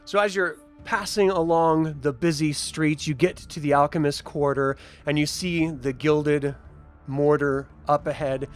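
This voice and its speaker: A man running a tabletop game as storyteller, narrating scenes in a relaxed, chatty way with frequent fillers. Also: on the high side. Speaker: game master.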